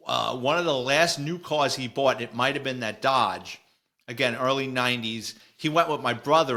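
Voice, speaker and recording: A man's voice: mid-range voice, sharp tone. A middle-aged man with a New York accent hosting a podcast as a retired cop, reading news and telling blunt, chatty stories. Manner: blunt, storytelling, chuckles while reading. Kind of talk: casual chat reading and commenting on news.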